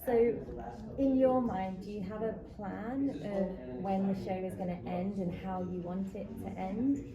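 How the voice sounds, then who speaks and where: A woman interviewer asking hesitant, soft-spoken questions. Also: mid-range voice, fairly even intonation, measured pace, lo-fi sound. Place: busy convention press room. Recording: echoey crowded convention room. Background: loud crowd.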